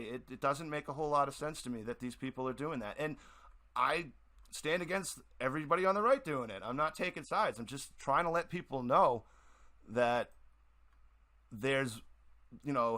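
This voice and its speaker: A man's voice: on the high side, bright, forceful tone. A man from the Boston area hosting a radio show, talking in a rambling, heated monologue with many restarts. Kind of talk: casual opinion monologue.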